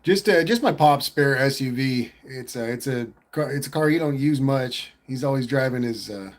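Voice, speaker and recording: A man chats through a casual livestream, reading viewers' comments aloud and answering at an easy pace. His voice sits at an everyday pitch, and his manner is relaxed and rambling, with "man" tossed in often. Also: normal speed. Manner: laid-back, rambling, says "man" a lot. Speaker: livestream host reading chat.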